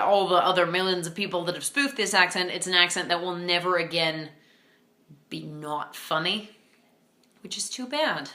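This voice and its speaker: A young woman talking casually about a book and its film adaptation, chatty and animated with playful asides. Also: fairly low pitch. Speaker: book vlogger. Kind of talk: casual chat.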